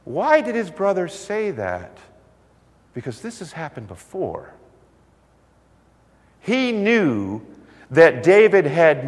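Guy preaching a sermon, voice swings all over, bit higher pitched, long echo like a big hall. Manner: animated storytelling, acts out voices.

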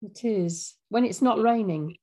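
An English woman in her fifties talks as an interview guest, her voice carrying a gravelly edge. She speaks at a thoughtful, unhurried pace with a self-deprecating humour. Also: mid-range voice, mellow. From England. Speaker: audio drama writer, guest. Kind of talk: casual interview chat.

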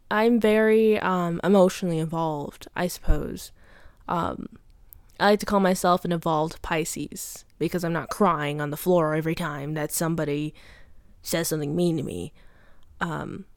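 Rambling, confessional young woman, lowish voice. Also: dry recording, studio quality. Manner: rambling, confessional, many fillers. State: teary. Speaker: podcaster. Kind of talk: personal diary monologue.

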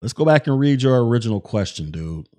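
A man's voice: medium pitch, sing-song, fast. A middle-aged man hosting a livestream podcast, reading chat messages aloud and getting angry and profane with a viewer. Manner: irritated, profane, rising to shouting. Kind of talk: livestream commentary.

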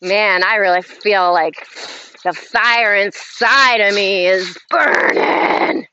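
A woman's voice: mid-range voice, takes it slowly, pushed and bright, no echo. A woman hosting a motivational talk, speaking emphatically and leading chant-like affirmations. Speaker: host. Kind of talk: motivational self-help talk. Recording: slightly dull lo-fi audio, faint noise.

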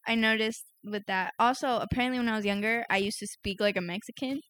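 A young woman from the United States in casual chat, telling stories in a relaxed way, full of "like" and laughter. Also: on the high side, fast. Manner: relaxed, filler-heavy storytelling with frequent laughs.

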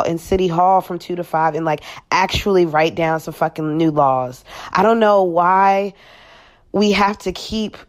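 A woman with a deep, low voice speaks as a podcast guest. She talks frankly and swears freely. Her sentences break off and restart as she searches for words. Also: darkish tone. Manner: blunt and profane, with halting restarts. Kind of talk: candid personal reflection.

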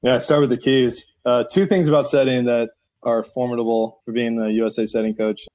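A man's voice: medium pitch, steady tone, brisk, darkish tone, no echo. A man who coaches setters for a national team, talking emphatically in a podcast interview with lots of filler words.

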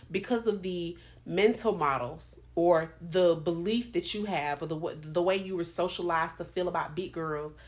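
Blunt, profane woman podcast host. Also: on the low side. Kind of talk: candid casual chat.

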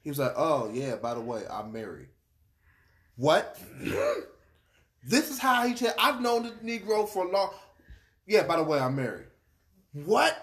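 A man's voice: on the high side, very animated, normal speed, long pauses, fairly bright tone. A man talking in casual chat, laid-back and teasing as he recalls hearing a friend's news.

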